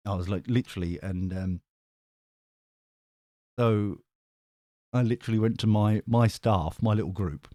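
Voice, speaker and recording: A man's voice: on the low side, a little slow, long pauses, warm tone, no room sound, clean studio sound. A middle-aged man telling a rambling story on a live stream, full of restarts and casual swearing. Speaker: tarot reader and live streamer.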